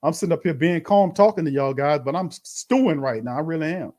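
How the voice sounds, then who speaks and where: A man's voice: fairly high pitch, expressive, fast talker, darkish tone. A man hosting a live-stream watch party, commenting bluntly on a loss and calling his viewers fam. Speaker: sports show host.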